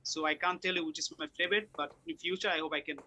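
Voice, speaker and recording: A man's voice: on the high side, steady tone, rapid-fire, sharp tone, a little hiss or hum, rough recording. A young man from Bangladesh, answering test questions hesitantly and searching for words. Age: young adult. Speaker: test candidate. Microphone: video call.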